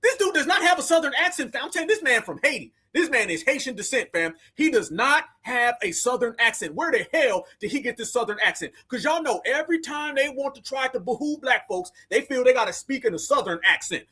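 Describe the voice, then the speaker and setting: A man's voice: very high voice, expressive, a little fast, hardly any pauses, sharp tone, husky. A man reacting to news clips in heated, slang-heavy commentary, mocking and scolding as he talks.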